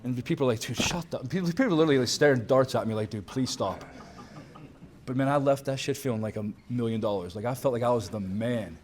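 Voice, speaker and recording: A man tells his recovery story at a banquet podium, speaking quickly and loosely with plenty of "man" and "dude." His voice sits at an ordinary middle pitch, and faint room ambience hangs behind him. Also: a little mellow, a little hiss or hum. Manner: casual and candid, fillers like "man" and "dude", swears. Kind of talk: personal recovery talk to a crowd. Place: banquet hall with a crowd.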